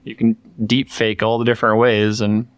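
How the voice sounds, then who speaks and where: A man's voice: lowish voice, level tone, normal speed, clear, resonant tone, no room sound. A man co-hosting a podcast in casual chat, rambling with lots of fillers and restarts. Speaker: podcast co-host. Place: workshop.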